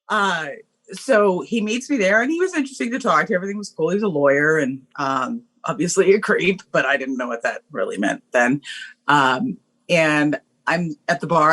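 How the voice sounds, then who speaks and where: Lively husky woman telling a story. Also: low-pitched, normal speed. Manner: animated, laughing, lots of fillers. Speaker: guest storyteller. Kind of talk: casual storytelling.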